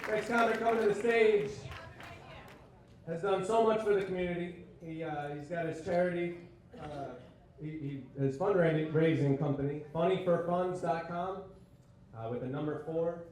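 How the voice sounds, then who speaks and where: A man hosting a comedy night, introducing the next act in a hesitant way with many fillers. His voice sits a bit high and comes from away from the mic. A heavy echo fills the club. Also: normal speed, a little mellow, recorded from a distance, some chatter behind, a little hiss or hum. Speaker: emcee. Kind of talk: introducing comics. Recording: echoey club room, off-mic.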